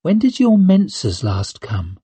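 A man voicing a calm, watchful woman companion in an audiobook, soft and composed. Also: a little high, fairly quick, husky, dry recording. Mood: calm concern.

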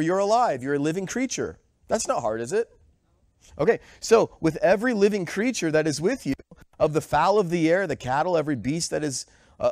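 A pastor delivers a conversational sermon in a church sanctuary, quizzing the congregation and sometimes short of breath from a cold. His voice sits on the high side with a darkish tone. The recording is clean studio sound with no room sound.

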